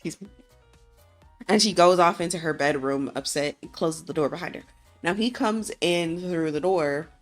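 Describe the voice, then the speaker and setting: A woman's voice: lowish voice, normal speed, faint music behind. A woman streamer casually retelling a dream, rambling and using lots of fillers. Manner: rambling, filler-heavy storytelling.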